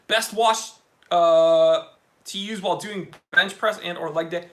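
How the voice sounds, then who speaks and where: In a high voice, a young man hosts a live stream for a watch channel, keeping the chat casual while excitedly reading out viewer comments.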